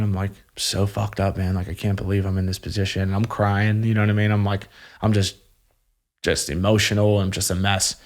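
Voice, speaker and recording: A young man speaks in a fairly low voice. He tells his story candidly on a podcast, halting and emotional, with frequent fillers and restarts. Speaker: podcast guest.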